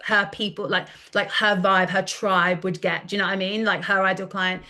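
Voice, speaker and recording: A woman in her thirties, a content coach talking in a casual podcast interview, chatty and animated, often acting out quoted dialogue. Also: mid-range voice, moderate pace. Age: 30s.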